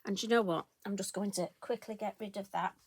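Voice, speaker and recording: A middle-aged woman talks chattily with viewers while stamping a card in her craft tutorial, friendly and self-deprecating throughout. Her voice is of ordinary pitch for a woman, with fairly even intonation, a slightly fast pace and a breathy edge.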